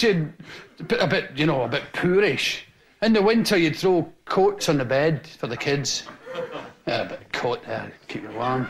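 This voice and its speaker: A man with a Scottish accent telling rambling stories as a stand-up comedian on a live stage. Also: high voice. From Scotland. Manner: rambling, swings into loud acted-out family scenes. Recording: live show with a roaring, noisy audience. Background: audience laughter.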